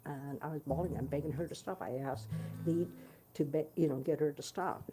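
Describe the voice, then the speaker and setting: A woman's voice: sits low, a little fast, over music. A woman from Prince Edward Island candidly recounting a personal family story, reenacting conversations as she talks. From Prince Edward Island, Canada. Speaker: guitarist sharing a personal story.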